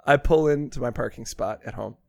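A man co-hosting a podcast, telling a story in a casual, animated way with plenty of swearing. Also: mid-range voice, a little fast, gravelly, no room sound. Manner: animated, profane storyteller with swinging loudness. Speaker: podcast co-host.

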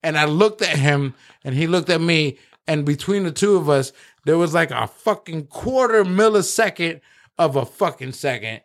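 A man's voice: on the high side, expressive, normal speed. A man co-hosting a podcast, telling a rambling, profane story in casual chat. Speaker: podcast co-host.

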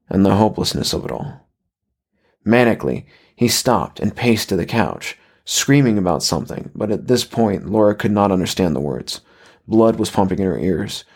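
A man reading a horror story as narrator, in a slow and measured way. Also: lowish voice, a little mellow.

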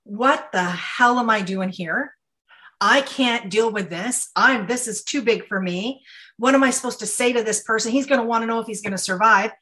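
A woman co-hosting a casual talk show as a psychic medium, telling a personal story in an animated, emotional way with many restarts. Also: on the high side, moderate pace.

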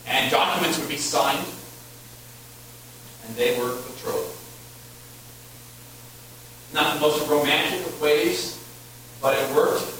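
Preacher in a booming echoey church. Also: male voice, fairly bright tone. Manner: conversational storytelling with wry asides. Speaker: pastor. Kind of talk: sermon. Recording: echoey hall, distant mic, hum.

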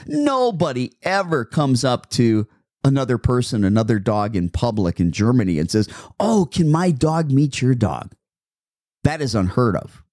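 A man's voice: mid-range voice, a little mellow, dry recording, studio quality. A man hosting a dog-training podcast, talking emphatically and repeating phrases for effect. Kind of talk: podcast monologue.

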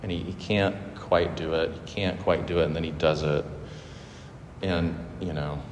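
A deep-voiced man preaches a sermon in a relaxed, conversational style, with humor and asides worked in. His voice rings through an echoey hall with a long reverb tail. A faint low rumble sits beneath it. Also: moderate pace. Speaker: pastor.

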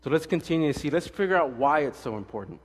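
A male pastor preaching a casual, fast-talking sermon with jokes and stories, swinging between loud emphatic lines and quiet asides. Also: fairly high pitch, expressive, long reverb tail.

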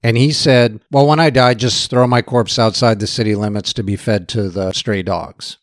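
A man's voice: fairly low pitch, normal speed, no room sound, studio quality. A man giving a storytelling history lecture. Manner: relaxed storyteller.

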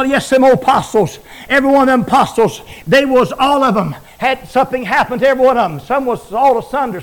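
A man preaches, his voice riding very high as he chants the same phrases again and again. He builds in waves to loud, ringing shouts, then drops low between them. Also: rough recording. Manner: chanting, repetitive, rises to shouts. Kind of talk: shouted revival sermon.

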